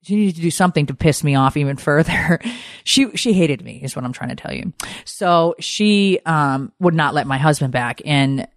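A woman hosting a podcast, telling a personal story in a candid, animated way and swearing freely. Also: deep voice, moderate pace, no echo, clean studio sound. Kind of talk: casual storytelling chat.

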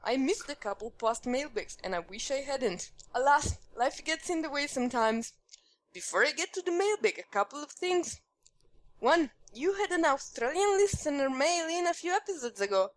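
A woman's voice: high voice, animated, normal speed, dry recording. A woman voicing a listener's email in a put-on Russian accent, clipped and dropping articles, reading it aloud on a podcast. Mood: mock-earnest. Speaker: podcast co-host.

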